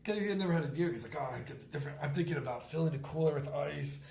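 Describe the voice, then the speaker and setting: A man in his thirties telling a hunting story in casual chat, acting out the quotes with quick laughs. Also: fairly high pitch, gravelly, darkish tone. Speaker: podcast host. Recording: roomy with faint background noise.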